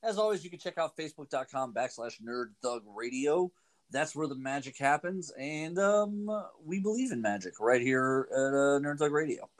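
Весёлый ведущий радио, живая интонация. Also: male voice, mid-range voice, normal speed. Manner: jokey, playful, lively delivery. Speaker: radio show host. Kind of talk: casual radio banter.

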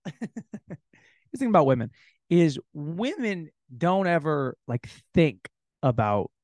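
A man hosting a solo comedy podcast, telling crude, rambling stories in an animated way. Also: on the high side, dry recording. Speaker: podcast host.

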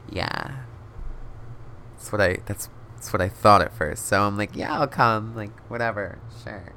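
This is a young podcast host telling a story in a casual conversation, close to the microphone. He has a low-pitched, pushed, bright voice, with a little hiss or hum in the recording. He's talkative, swears frequently, peppers his speech with "like," and laughs between phrases.

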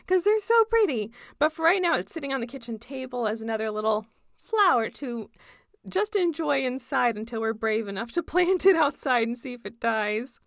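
A woman's voice: high-pitched, creaky, a bit bright, dry recording, studio quality. A young woman chatting casually as a vlogger, gushing and enthusiastic. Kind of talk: casual chat.

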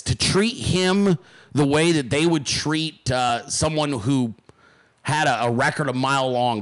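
A man hosting his podcast, delivering a heated political rant full of profanity and emphatic repetition. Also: a little high. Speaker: podcast host.

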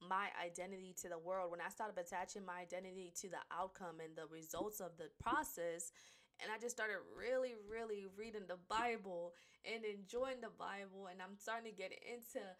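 A young woman hosts a faith podcast in a chatty, heartfelt way, calling her listeners y'all. Her voice is bright and clear, and it wavers at times as she fights back tears. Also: mid-range voice, brisk. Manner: chatty, emotional, laughs often, addresses listeners as y'all. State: tearful, near crying. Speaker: podcast host. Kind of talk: casual faith-based podcast monologue.

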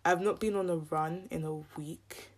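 A woman's voice: on the low side, fairly even intonation, moderate pace. A young woman from the UK hosting her own podcast, talking casually and candidly with a scratchy, sore throat and a little out of breath. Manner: chatty, candid and rambling. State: a bit out of breath. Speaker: podcast host. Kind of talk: casual solo podcast chat.

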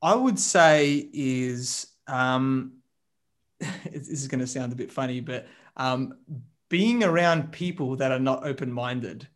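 A man in a casual interview, answering with many pauses and restarts. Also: medium pitch. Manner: hesitant, many ums and restarts. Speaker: guest, coach and mentor.

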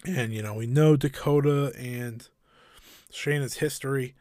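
A man's voice: medium pitch, unhurried, darkish tone, dry recording, clean studio sound. A man hosting a wrestling review podcast, talking in an enthusiastic, rambling way. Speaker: podcast host.

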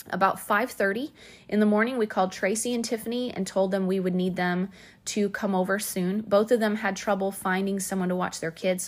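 A woman hosts a podcast and tells a personal story in a candid, chatty way. Her voice sits at a middle pitch, and she breaks into high, shouted bursts when she acts out what people said. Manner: candid, chatty, with fillers and asides; acts out quoted lines with sudden high shouts. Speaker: podcast host.

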